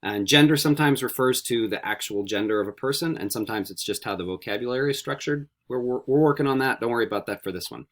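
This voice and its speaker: A man teaching a Spanish vocabulary lesson, repeating each word slowly and coaxing students with friendly questions. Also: medium pitch, fairly bright tone. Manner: slow, carefully repeated word drills. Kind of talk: recorded classroom vocabulary lesson.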